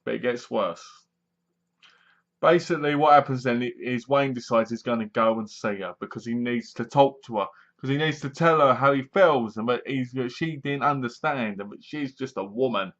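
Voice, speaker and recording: A man's voice: medium pitch, normal speed, a bit bright, lo-fi sound. A man reviewing a horror film, retelling the plot with acted-out reactions and sound effects. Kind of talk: casual film review monologue.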